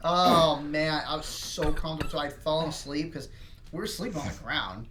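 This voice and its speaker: A man on a podcast chiming in with quick reactions and short bits of his own stories. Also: fairly high pitch, echoey room, background noise. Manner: chimes in with quick reactions and laughs. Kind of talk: casual chat among friends.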